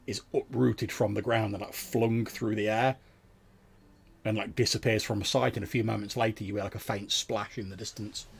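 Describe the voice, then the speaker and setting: A male game master narrates a tabletop game in a low, gravelly voice with a husky, slightly rough edge. He describes the scene loosely, with frequent fillers and restarts.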